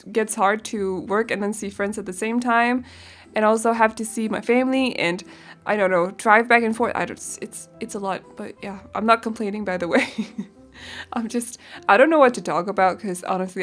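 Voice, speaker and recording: A young woman rambles along in a relaxed voice-over, giggling and often stopping to hunt for the right word. Her voice sits at an ordinary middle pitch, with soft music playing faintly behind her. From Denmark. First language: Danish. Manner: rambling and giggly, searching for words. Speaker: game builder. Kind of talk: casual voice-over chat.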